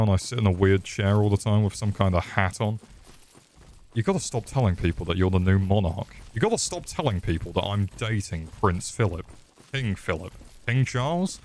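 Brief: young male streamer, lowish voice, rambling, swears constantly, jokes at himself. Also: a little mellow. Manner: profane, rambling, jokey. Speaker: gaming streamer. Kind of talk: casual livestream commentary.

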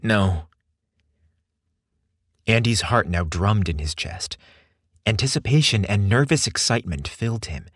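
A man reading a scripted story aloud with expressive, measured storytelling. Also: lowish voice, breathy edge, no room sound, studio quality. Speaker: narrator.

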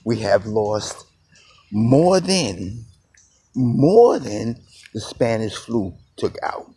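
A man's voice: lowish voice, slow, dark tone, slightly rough. A man vlogging on a phone while walking outdoors through his neighborhood, rambling loosely and greeting people he passes. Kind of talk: rambling walk-and-talk monologue. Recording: noisy outdoor phone recording.

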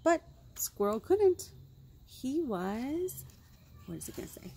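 A woman librarian reading picture books aloud to young children, animated and full of gasps and questions to her listeners. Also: sits high, slow pace, pauses often, breathy edge.

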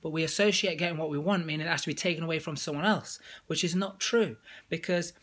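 A man's voice: a little high, quick pace. Upbeat man telling a sales story. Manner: animated storytelling with quoted voices. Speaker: sales coach. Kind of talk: casual talking-head vlog.

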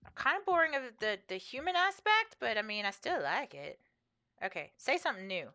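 A woman's voice: fairly high pitch, sing-song, a little fast, pushed and bright. A woman streamer chatting playfully through a game playthrough, joking and reacting as she goes. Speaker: gaming streamer. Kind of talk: let's play commentary.

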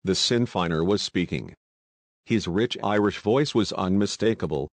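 A man reading a novel aloud as an audiobook narrator, in a steady, even manner. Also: sits low, normal speed, no echo. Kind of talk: scripted narration.

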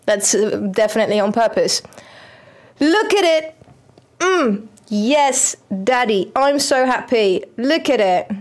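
A young woman, streaming a football manager game and chatting excitedly at it. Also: a little high, unhurried, few pauses. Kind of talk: casual game commentary.

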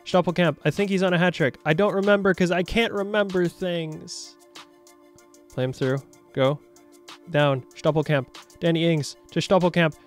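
A young man giving jokey, animated commentary over his own football video game matches. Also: a little high, moderate pace, soft background music. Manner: animated, jokey, shouts at big moments. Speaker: gaming YouTuber. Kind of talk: excited gameplay commentary.

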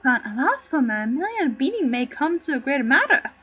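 A woman's voice: high voice, big pitch swings, a little fast, slight background noise. A woman voicing a sly, thieving male rogue peddler who whines pleas for help and then makes sly asides, read on a dull lo-fi recording. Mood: pleading.

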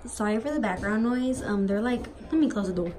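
A woman's voice: mid-range voice, expressive, fairly quick, noisy background. A teenage girl talking casually to her phone camera, rambling with lots of fillers. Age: teens. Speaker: vlogger. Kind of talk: casual vlog chat.

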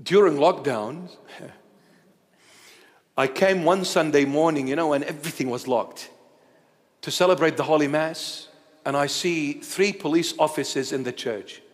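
Male preacher, lively storyteller with humor, high pitch, echoing church hall. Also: measured pace, long pauses. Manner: animated storytelling with humorous asides. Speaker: bishop, preacher. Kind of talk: sermon. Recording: long church reverb.

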